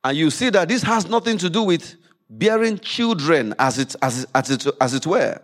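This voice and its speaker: Lively male preacher, animated sermon. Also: normal speed. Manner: reads scripture aloud with rising emphasis, then drops low to explain. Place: church service.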